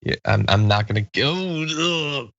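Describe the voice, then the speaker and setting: A man's voice: mid-range voice, lively intonation, slow pace, gravelly, a bit bright, no echo, dull audio. A man hosting a talk show, bantering casually with his co-host, laughing often and poking fun at himself. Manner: laughs often, chatty and self-mocking.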